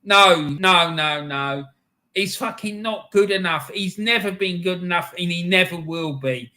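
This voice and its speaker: On his live match-day stream, a middle-aged man shouts and rants with plenty of swearing in a fairly high, bright, forceful voice at a measured pace. He breaks off to read viewers' chat messages aloud.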